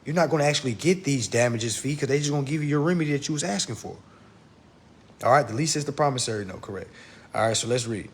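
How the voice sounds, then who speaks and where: Blunt, fast-talking man teaching viewers. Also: medium pitch, animated, slightly rough. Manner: blunt and profane, talks fast, addresses viewers as y'all. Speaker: online instructor. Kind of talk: casual livestream lesson.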